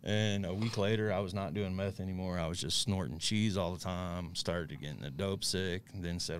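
A man's voice: deep voice, normal speed, few pauses, slight background noise. A man speaking as a guest, telling his recovery story in a blunt, candid way, often tagging "right?" and "um". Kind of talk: recovery story in casual conversation.

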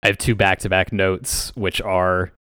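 Deep-voiced male podcast co-host, dry sound. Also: level tone, unhurried, fairly bright tone, smooth, dry recording. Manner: chatty, laughs between remarks, quotes in raised voices. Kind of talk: casual chat.

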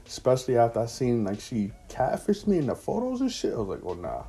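A man's voice: medium pitch, wildly swooping pitch, quick pace, dark tone, slightly rough, faint music behind. A man casually telling a personal anecdote in slangy, profane street talk. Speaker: storyteller.

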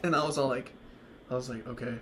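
A young man, a guest on a podcast, tells a rambling story to friends, restarting often, acting out quotes, and laughing a lot. His medium-pitched voice stays fairly even as he talks fast over background noise.

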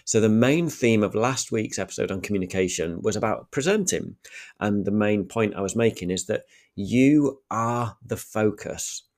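Male podcast host, slightly low voice, relaxed coaching tone that demonstrates its own pacing. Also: moderate pace. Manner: thoughtful, varies pace and volume to demonstrate. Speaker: communication coach. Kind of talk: solo podcast talk.

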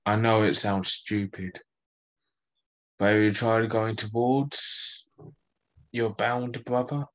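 A man chats casually at a tabletop game, thinking out loud as he plays. His voice is on the low side and relaxed. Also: slow, pauses often. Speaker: player.

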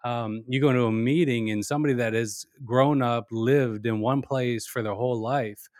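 A man hosting a casual podcast interview, friendly and often pausing to search for words. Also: mid-range voice, fairly even intonation, darkish tone, no echo, clean studio sound. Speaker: podcast host.

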